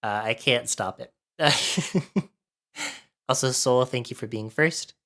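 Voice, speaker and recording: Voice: medium pitch, steady tone, normal speed, fairly bright tone. A livestreamer chatting casually with viewers while setting up, a bit out of breath from allergies and thinking aloud.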